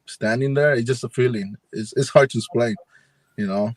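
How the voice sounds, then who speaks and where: Speaking at a normal speed in a mid-range voice, a paranormal investigator casually recounts a ghost story over a live video chat. His telling wanders, full of fillers and acted-out dialogue. The audio has no echo.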